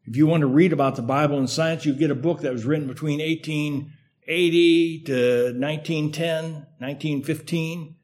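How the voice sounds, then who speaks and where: An older man preaching a sermon in an earnest, measured way, with a slight lisp from a sore tongue and emphatic repetition. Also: fairly high pitch, fairly even intonation, a little mellow.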